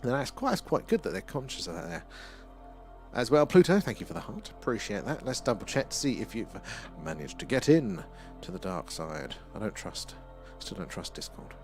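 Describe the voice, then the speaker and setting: A British man chatting his way through a live stream, easygoing and quick to laugh as he answers his viewers. His voice sits at an ordinary middle pitch, with faint music playing underneath. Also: sing-song, creaky. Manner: chatty, reads out viewer comments, laughs often. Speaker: livestream host. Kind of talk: casual live-stream chat.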